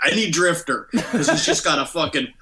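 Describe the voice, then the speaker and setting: A man's voice: fairly high pitch, lively intonation, moderate pace, sharp tone, a little hiss or hum. A man co-hosting a comedy podcast, riffing absurd jokes while laughing. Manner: absurd joking riffs, laughing as he talks. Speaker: podcast co-host.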